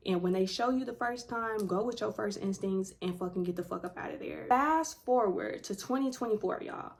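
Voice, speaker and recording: A woman's voice: medium pitch, a little mellow. Young woman, storytime vlog host, blunt, swears a lot, mid-range voice, chatty to viewers. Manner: blunt, profanity-heavy storytelling addressed to viewers.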